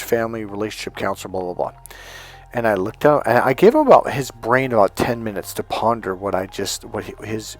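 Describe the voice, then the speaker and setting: Emphatic man lecturing on dating. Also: fairly low pitch. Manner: emphatic, repetitive lecturing with anecdotes. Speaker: dating coach. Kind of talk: teaching to camera. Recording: faint music behind. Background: faint music.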